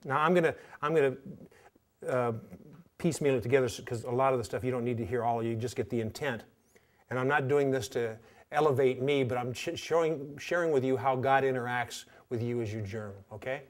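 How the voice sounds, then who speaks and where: A man teaching a Christian class, talking in a relaxed, conversational way and reading his own journal entries aloud with pauses. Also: mid-range voice. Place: teaching session at a training institute.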